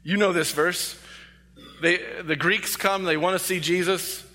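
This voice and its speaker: A man's voice: high voice, fairly even intonation, a little slow, pushed and bright. A male pastor preaching a sermon, earnest and emphatic, repeating key phrases. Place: church sanctuary. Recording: long echo of a large hall.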